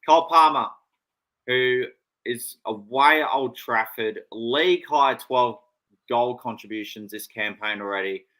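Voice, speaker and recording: A man's voice: medium pitch, measured pace, pushed and bright, poor audio. A man co-hosting a podcast on an online call, bantering drily and running through player stats. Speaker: podcast co-host. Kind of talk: casual chat and reading player stats.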